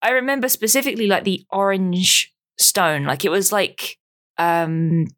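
A woman co-hosting a podcast, chatting casually and telling stories in a giggly, animated way. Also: mid-range voice, unhurried. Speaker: podcast co-host. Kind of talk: casual chat.

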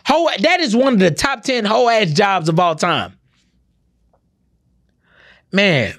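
A man's voice: high-pitched, slow. A young man hosting a podcast, delivering a profane, heated comedic rant with lots of swearing. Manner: profane, heated, animated ranting. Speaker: podcast host. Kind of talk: ranting comedic monologue.

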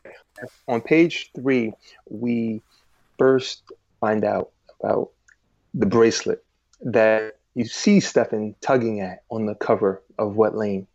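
Gravelly man reading his book. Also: on the low side, slow pace, dry recording, muffled recording. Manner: expressive storytelling reading. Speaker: author.

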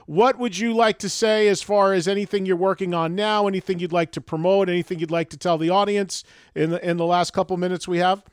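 High, smooth-voiced male host. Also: steady tone, no room sound. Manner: brisk, steering the talk to a close. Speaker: podcast host. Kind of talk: interview wrap-up.

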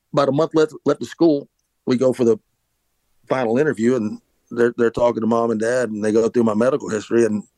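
A middle-aged former pitcher, appearing as an interview guest, tells a long rambling story about his past. His medium-pitched voice is a little mellow, full of restarts and fillers, and the recording is dry and rough.

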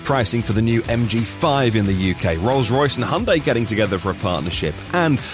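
A man's voice: medium pitch, lively intonation, brisk, over music. A middle-aged man from Norfolk, hosting a daily news podcast in a chatty way with personal asides. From Norfolk, England. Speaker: podcast host.

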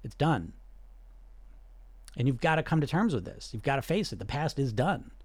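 A man's voice: medium pitch, sing-song, moderate pace, breathy edge, dry recording. A man coaching the listener on emotional eating, talking straight to them in an earnest, reassuring way. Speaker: weight-loss coach. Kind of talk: direct-to-listener coaching talk.

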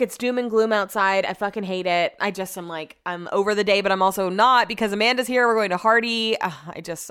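A woman's voice: mid-range voice, fairly bright tone, smooth. A woman with a Californian accent telling a story in a casual vlog, rambling and swearing often, still shaken and upset. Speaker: vlogger.

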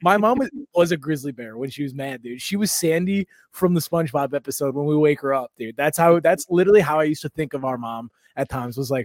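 Fast-talking guy on a comedy podcast, rambling and laughing, slightly high voice, dry close mic. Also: animated, dry recording. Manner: rambling, joking, laughs often. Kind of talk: casual comedic chat.

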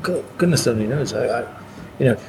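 A man on a podcast speaking in a measured, hesitant way with many uhs. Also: medium pitch, expressive. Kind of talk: casual podcast chat. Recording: clear background noise.

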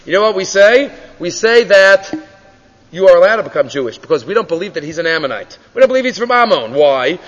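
Animated high-voiced man teaching a Torah class. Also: in a large hall, lo-fi sound. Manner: storytelling, asks and answers his own questions; mixes Hebrew and Yiddish terms into English.

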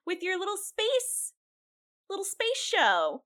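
A woman's voice: very high voice, huge pitch swings, takes it slowly, a bit bright. A young woman playing a tabletop character, rambling through her story with many fillers and restarts. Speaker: player character. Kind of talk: in-character tabletop role-play.

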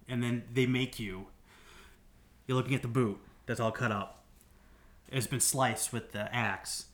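A man's voice: medium pitch, steady tone, normal speed, long pauses, a bit bright. A man on a podcast casually recapping a game's story in a rambling way, full of "like"s and restarts. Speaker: podcast co-host.

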